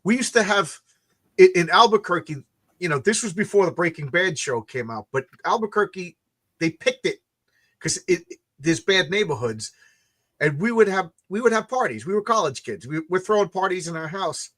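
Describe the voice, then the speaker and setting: A man's voice: sits high, lively intonation, normal speed, fairly bright tone. A tired man hosting a late-night chat, telling rambling stories with many restarts and repeated words. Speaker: comic book creator hosting a launch stream.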